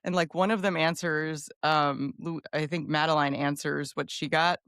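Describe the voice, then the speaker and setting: A woman co-hosting a podcast in casual chat, enthusiastic and rambling, with quick asides. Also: sits low, fairly even intonation, a bit bright, dry recording, studio quality. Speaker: podcast co-host.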